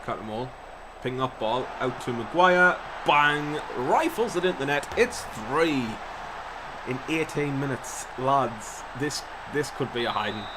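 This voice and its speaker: A young man giving casual, excitable play-by-play commentary on a football management game, swearing now and then. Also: medium pitch, unhurried, noisy background. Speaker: gaming YouTuber.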